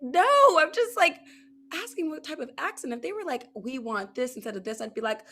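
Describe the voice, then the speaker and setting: A woman hosts a casual interview podcast, excitable and quick to laugh. Her voice is high and bright, and it swoops widely as she reacts. She sounds animated throughout. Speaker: podcast host.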